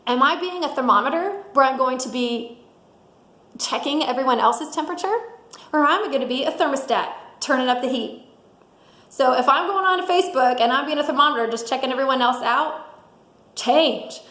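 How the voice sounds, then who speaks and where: A middle-aged woman giving an energetic motivational talk, laughing often and acting out little quotes. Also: high voice, brisk. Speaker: sales director giving a mindset talk. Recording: roomy echo.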